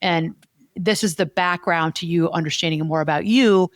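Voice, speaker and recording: A woman's voice: lowish voice, moderate pace, no room sound, studio quality. A woman therapist hosting a podcast, explaining ideas in a teaching way and checking in with "okay?" as she goes. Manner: didactic, repeats key points with "okay?".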